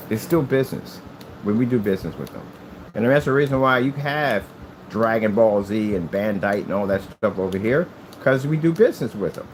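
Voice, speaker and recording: Ranting man with a lively voice. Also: medium pitch, slight background noise, rough recording. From United States. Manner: emphatic, repetitive ranting. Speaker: hobby crafter and channel owner. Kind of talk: rambling vlog monologue.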